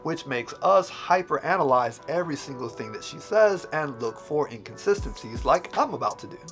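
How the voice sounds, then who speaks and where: A man's voice: a little high, expressive, normal speed, fairly bright tone, faint music behind. A man hosting a video, explaining and analyzing how people speak in a lecturing, example-driven way. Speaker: host explaining dialect features.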